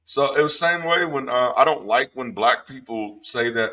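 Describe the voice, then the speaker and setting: Once a pastor, this man gives an informal Bible commentary at a moderate pace, hardly pausing at all. His emphatic, animated delivery is laced with swearing, shifting abruptly from calm, low tones to sharp, high outbursts.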